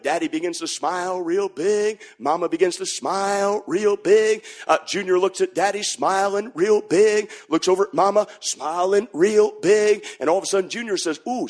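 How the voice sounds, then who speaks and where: A man preaching a sermon, shouting in sing-song bursts and then dropping to a hush. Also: sits high.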